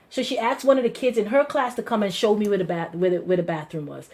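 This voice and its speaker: A Guyanese woman pastor telling her life story in an animated way, with lots of repetition and restarts. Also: a little high, fast. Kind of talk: personal testimony to a congregation.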